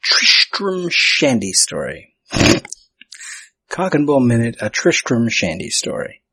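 Gravelly, husky man hosting a podcast. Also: medium pitch, big pitch swings, slow, pushed and bright. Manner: self-mocking, stumbles over words. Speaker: podcast host. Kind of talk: casual solo podcast talk.

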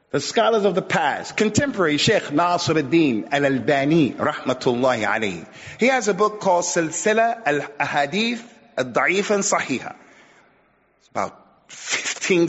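A male preacher giving an emphatic sermon, repeating his points and building to near shouts. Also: high-pitched. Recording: dull sound with long hall reverb.

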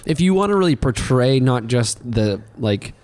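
A man co-hosting a casual podcast, easygoing and quick to laugh, often trailing off mid-thought, recorded in a studio. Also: mid-range voice, lively intonation, darkish tone. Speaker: podcast co-host. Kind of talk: casual chat. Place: recording studio in a restored theater.

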